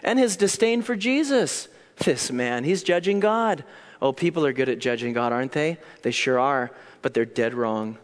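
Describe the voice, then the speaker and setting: A man preaching a sermon, telling the story in an animated way that swings between hushed and excited. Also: mid-range voice, moderate pace, hardly any pauses. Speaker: pastor. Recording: long hall reverb.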